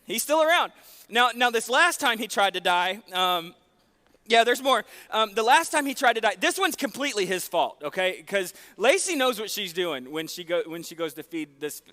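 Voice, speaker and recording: Man preaching in church, bright forceful voice, rambling animated storyteller, lots of ums. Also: high voice, moderate pace. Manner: animated, self-deprecating storyteller with many fillers. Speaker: pastor. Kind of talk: sermon storytelling. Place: church sanctuary.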